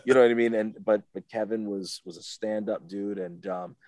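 Male interview guest, low voice, dry sound; loose rambling storyteller who acts out the voices of others. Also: steady tone, moderate pace, darkish tone, no room sound. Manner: rambling, repeats "what do you call it?" and acts out quoted voices. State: emotional, close to tears. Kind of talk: casual storytelling.

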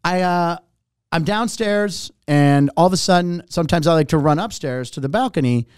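A middle-aged man, a warm-up comedian, telling a story in casual chat, animated and profane, acting out what people said. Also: on the high side, moderate pace, clean tone, no echo, clean studio sound. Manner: animated, profane, acts out quotes.

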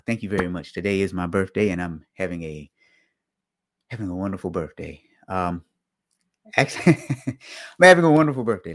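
A man talking casually to his online audience as host, with a dry sense of humor. He repeats his key points and keeps his voice lively, often leaping up in pitch and loudness to stress a word, then dropping back down. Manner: animated, jumps up in pitch and volume for emphasis. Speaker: host of an online show for auditors. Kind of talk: casual live-stream talk.

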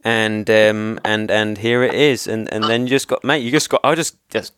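A man's voice: lowish voice, little pitch movement, normal speed, hardly any pauses, fairly bright tone, smooth, dry recording. An English man hosting a casual podcast chat, rambling and chummy, often laughing as he talks. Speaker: podcast host.

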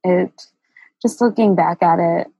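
A woman guest telling a painful personal story, halting and emotional, with many fillers and restarts. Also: fairly low pitch, creaky, dark tone, husky, no echo, highs cut off. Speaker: interview guest.

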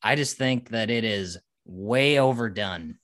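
A young man co-hosting a podcast, chatting casually in a relaxed, wry way. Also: fairly low pitch, unhurried, no echo, studio quality. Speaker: podcast co-host. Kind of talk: casual chat.

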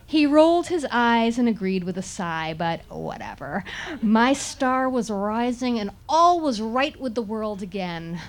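A woman telling a funny first-person story in an animated way, often laughing and sounding indignant. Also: a little high, unhurried.

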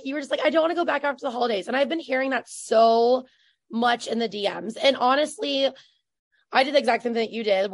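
A woman's voice: a little high, dry recording. Chatty, effusive woman host, dry sound. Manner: chatty and effusive, many fillers, quick bursts. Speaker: podcast host and business coach. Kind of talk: casual podcast interview.

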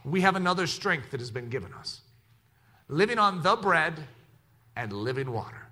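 A man preaching a sermon, asking his listeners questions and answering them himself, dropping to hushed asides and building up to shouted lists. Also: on the high side, big pitch swings, normal speed.

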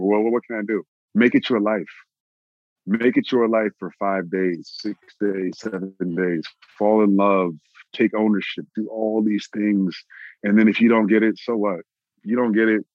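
A man from Austin, Texas, an actor telling his own story in an interview, animated and repeating phrases for emphasis. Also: fairly low pitch, no room sound, dull audio. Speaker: actor, guest.

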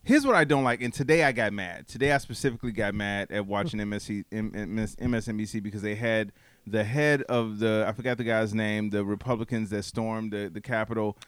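A man's voice: fairly low pitch, a little fast, clean tone, dry recording. A man co-hosting a casual political chat, heated, blunt and swearing freely.

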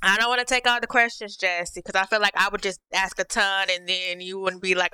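A woman's voice: medium pitch, level tone, brisk, hardly any pauses, sharp tone, clear, resonant tone, no room sound, low-quality recording. A woman hosting a podcast, chatting in an effusive, casual way. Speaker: podcast host. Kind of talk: casual chat.

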